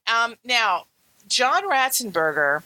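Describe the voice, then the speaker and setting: A woman's voice: a little high, very animated, slow, bright, forceful tone, rough recording. A woman co-hosting a casual podcast about a movie, chatty and enthusiastic, often repeating herself. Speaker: podcast co-host.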